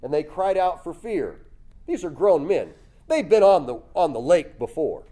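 A man preaching a sermon, telling the story lively, acting out voices and chuckling often. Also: a little high, normal speed. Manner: lively storytelling, acts out voices with loud jumps.

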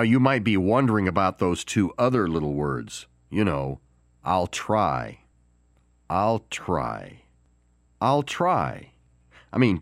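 A man hosting a Christian podcast, delivering an encouraging devotional talk with deliberate pauses and emphatic stress on key words. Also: lowish voice, dry recording, studio quality. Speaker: podcast host.

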